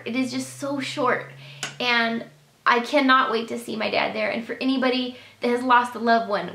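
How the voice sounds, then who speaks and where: A woman's voice: fairly high pitch, sharp tone. A woman talking to camera in an earnest, emotional, sincere way. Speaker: beauty vlogger. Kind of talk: heartfelt personal talk to camera. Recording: echoey room.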